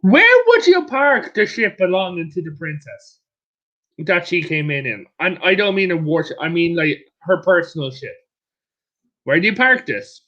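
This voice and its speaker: A man who is a guest on a casual history chat show, telling his stories with animated asides. His voice sits slightly high, and the audio is muffled and lo-fi. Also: normal speed. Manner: animated storyteller, chatty asides.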